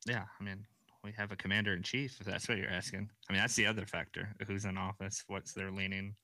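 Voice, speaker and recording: A man's voice: sits low, flat delivery, quick pace, bright, forceful tone, no room sound. A man in a casual online panel chat, with wry, sarcastic remarks. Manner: wry, sarcastic, laid-back. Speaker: panel guest.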